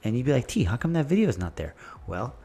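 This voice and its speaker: A man who runs a landscaping business, giving blunt, animated business advice and stories in a casual vlog. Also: medium pitch, quick pace, slightly rough.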